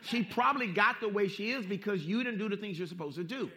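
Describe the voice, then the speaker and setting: A male pastor preaching a sermon, emphatic and folksy, repeating phrases and swinging between hushed and loud. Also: high-pitched, fast talker. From Southern California. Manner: folksy street-style preaching.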